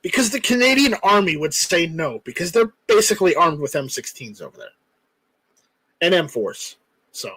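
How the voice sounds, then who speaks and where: High-voiced man rambling through chat. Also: very animated, normal speed, sharp tone, breathy edge, no echo, low-quality recording. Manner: rambling, joking, reads viewer comments aloud. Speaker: livestream host reading chat. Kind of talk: casual livestream chat.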